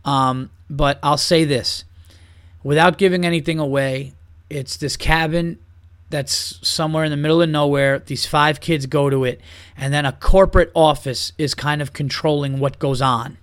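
A man's voice: fairly high pitch, fairly even intonation, moderate pace, fairly bright tone, clean tone, no room sound, clean studio sound. A man hosting a podcast, ranting in a casual, comedic way, swearing often and mocking people with heat. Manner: profane, heated, mocking. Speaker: podcast host.

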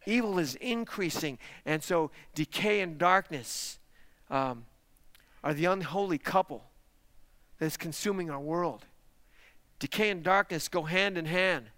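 A man's voice: on the high side, unhurried, sharp tone, no echo. A man, a pastor, preaching a sermon with emphatic rhetorical questions and direct appeals to the congregation. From parents lived in Texas.

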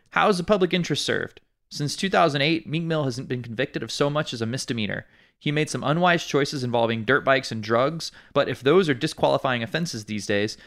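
Male podcast co-host, mid-pitched, steady, reads quotes out plainly. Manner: hosts segments and reads quotes aloud. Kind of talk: casual news chat.

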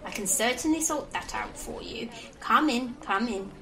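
A man's voice: very high-pitched, animated, normal speed, creaky, noisy background, voice pushed up, exaggerated voice. A man voicing a kindly, gossipy old female centaur shopkeeper in a tabletop game. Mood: chatty. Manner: gossipy, salesy. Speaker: game master.

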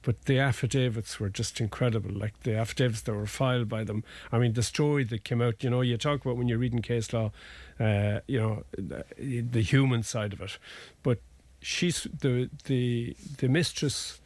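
A man's voice: mid-range voice, steady tone, moderate pace, hardly any pauses, darkish tone, no echo. An Irish man, a lawyer guest, talking casually through family law cases with restarts and folksy asides. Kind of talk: conversational legal explanation.

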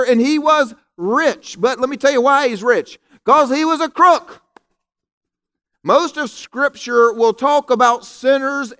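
High-voiced animated preaching man. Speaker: pastor. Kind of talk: sermon. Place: church sanctuary.

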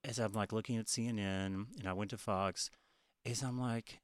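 Chatty low-voiced man. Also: steady tone, moderate pace, no room sound, studio quality. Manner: chatty, profane, laughs often. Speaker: podcast co-host. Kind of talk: casual chat.

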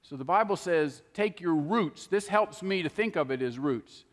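A man delivers a sermon in an earnest, emphatic teaching manner. His voice sits a little higher than most men's. It rings out with a long hall reverb. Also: animated, normal speed. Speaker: preacher.

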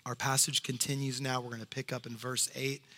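A man preaching a sermon as pastor, talking in a conversational way and dropping to soft hushed tones for emphasis. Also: medium pitch, little pitch movement, brisk, big-room sound. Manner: conversational asides.

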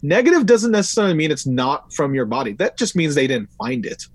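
A man's voice: on the high side, very animated, a little fast, breathy edge, dry recording. Male podcast host, casual rambler, swears freely, dry close recording. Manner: loose and rambling, reads from notes, swears casually. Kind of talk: casual wrestling recap chat.

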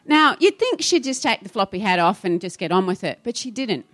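A woman pastor speaking to a church, telling a story in a lively, animated way with acted-out quotes. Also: medium pitch, brisk.

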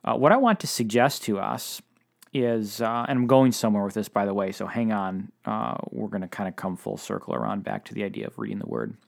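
A man's voice: fairly low pitch, a little fast, creaky. A man preaching a sermon in an earnest, conversational way, with frequent fillers.

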